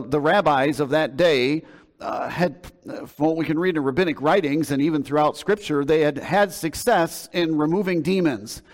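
A man's voice: a little high, a little mellow. A male pastor delivering a sermon, retelling a scripture story with emphasis in a conversational preaching manner. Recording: long hall reverb.

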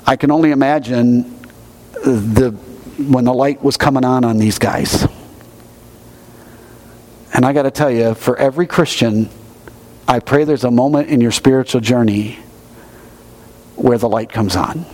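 A man's voice: mid-range voice, moderate pace, long pauses, darkish tone. A middle-aged man preaching a sermon, conversational and emphatic as he explains scripture. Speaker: pastor.

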